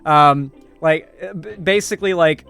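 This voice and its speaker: A man's voice: a little high, a little slow, vocal fry, a bit bright, smooth, soft background music. A man giving casual, profane political commentary on a livestream, loose and full of fillers.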